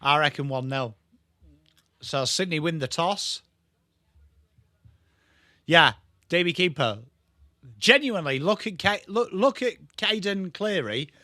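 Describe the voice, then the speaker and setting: A young man hosts a live football watchalong, chatting with viewers by name and swearing freely as he calls the play. His voice sits a little high for a man and has a bright, forceful edge. The sound is close and dry, with almost no room around it. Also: expressive, slow pace, long pauses, no room sound. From England. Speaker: watchalong host. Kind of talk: casual live football commentary and chat.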